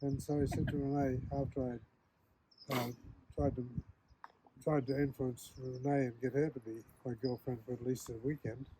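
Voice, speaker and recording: A man's voice: mid-range voice, little pitch movement, normal speed, noisy background. Rambling older man reminiscing. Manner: rambling, repeats words and restarts sentences, chuckles often. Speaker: host. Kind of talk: casual reminiscing chat.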